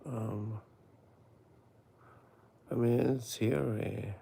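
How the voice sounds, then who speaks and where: Man, very gravelly voice, slow unhurried talk, late-night streamer chat, murmurs and half-whispers to his pets. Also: mid-range voice, fairly even intonation, dark tone. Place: home at night, woods outside.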